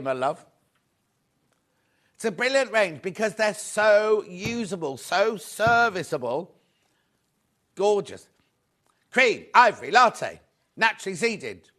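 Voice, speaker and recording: Upbeat and chatty, a man with a high, slightly bright voice hosts a live shopping show, selling fabric and greeting viewers by name.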